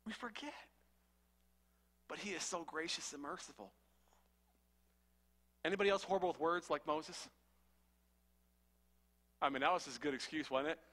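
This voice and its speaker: A male preacher delivering a sermon with a high, bright voice. He sounds fervent and conversational, with slangy asides, and his delivery is forceful. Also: moderate pace, long pauses.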